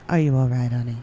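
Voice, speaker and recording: A woman's voice: a bass voice, warm tone, a little hiss or hum. A woman live-streaming a roleplay game, laughing often and telling the story in a rambling, filler-heavy way. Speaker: streamer playing a roleplay character.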